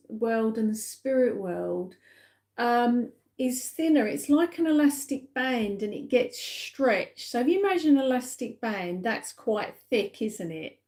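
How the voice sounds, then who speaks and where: A woman giving a live psychic reading, speaking gently and haltingly with many fillers and repeats. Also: fairly high pitch. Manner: soft and emotional, addresses viewers by name. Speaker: psychic medium. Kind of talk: live-streamed spirit reading.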